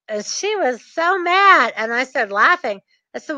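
Bright-voiced woman telling a story, laughing. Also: sits high, normal speed, hardly any pauses, no room sound, muffled recording. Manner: animated, laughing, playfully mischievous. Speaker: real estate dealmaker. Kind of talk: casual storytelling to camera.

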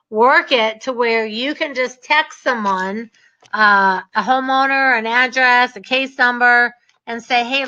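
A woman teaching a real estate seminar, telling stories in an emphatic, energetic way with lots of repetition. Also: high voice, highs cut off.

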